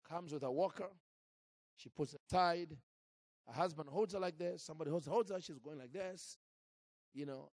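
A man preaching a sermon into a microphone in church, telling a story in a lively, acted-out way. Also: medium pitch, no room sound, clean studio sound. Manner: animated, acts out scenes and jokes with the crowd. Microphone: handheld or stand mic.

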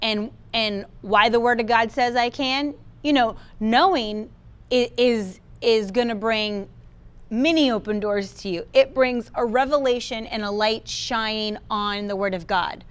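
A woman's voice: a little high, measured pace, clean tone. A woman preaching a sermon, emphatic, acting out what believers should say and calling on listeners by name. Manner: emphatic, quotes the congregation's inner voice.

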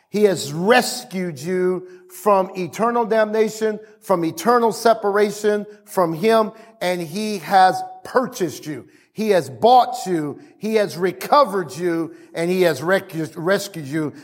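A man preaching a sermon as pastor, repeating phrases and calling on the congregation to answer back. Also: high-pitched.

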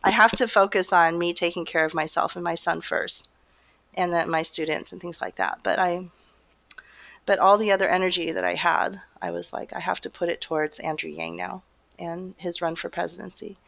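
A woman's voice: lowish voice, steady tone, normal speed, vocal fry, a bit bright. A middle-aged woman talking casually as a guest, laughing often and rambling with many fillers. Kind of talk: casual conversation.

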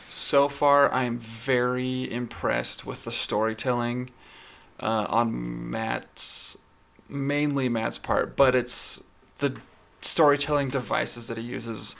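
A man's voice: mid-range voice, steady tone, slow pace, creaky, a bit bright. A man co-hosting a podcast, chatting casually and enthusiastically, laughing as he retells scenes. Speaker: podcast co-host. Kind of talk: casual chat.

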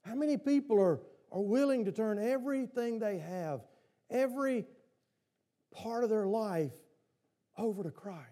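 High-voiced pastor with a mellow tone. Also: male voice, expressive, a little slow, long pauses. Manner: asks the congregation repeated questions. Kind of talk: sermon. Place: church.

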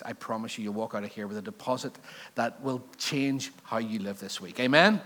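A man's voice: fairly low pitch, fairly quick, a bit bright, a little hiss or hum. A man from Belfast with a Northern Irish accent, preaching a sermon as pastor in a chatty, joking way, full of rambling asides.

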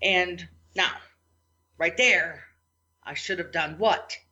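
A woman hosting a podcast, telling a work story in a casual, animated way and acting out her own reactions and her clients' words. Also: slow pace, lo-fi sound. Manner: animated, quotes herself and clients with big pitch jumps. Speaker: IT business owner and podcast host.

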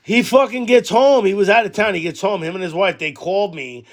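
A man, co-hosting a podcast and telling a story in casual chat, animated and swearing a lot. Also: high voice, a little fast, a little hiss or hum. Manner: animated, swears a lot, loudly acts out quoted arguments. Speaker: podcast co-host.

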